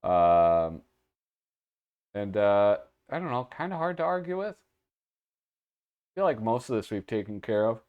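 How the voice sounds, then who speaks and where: A man's voice: on the low side, very animated, slow, long pauses, smooth, phone-quality sound. A sleepy man hosting a casual commentary, rambling and hesitant with lots of fillers. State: sleepy, yawning. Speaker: host.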